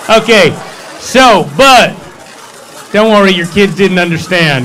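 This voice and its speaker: A man's voice: sits high, animated, slow pace, sharp tone, some chatter behind, rough recording. A man leading a congregation, retelling a scripture story in a playful, joking way full of wry asides. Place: synagogue hall.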